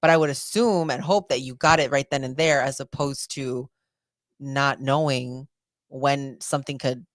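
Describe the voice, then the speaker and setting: A woman's voice: extremely low pitch, moderate pace, no room sound, studio quality. Chatty young woman podcast co-host. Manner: chatty, animated storytelling with quoted asides. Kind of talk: casual chat.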